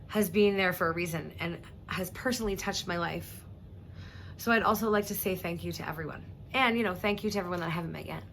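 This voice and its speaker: A woman speaking earnestly and emotionally to her viewers, halting now and then and clearing her throat, close to tears. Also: fairly low pitch, a bit bright, a little hiss or hum. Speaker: vlogger. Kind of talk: emotional personal address to viewers.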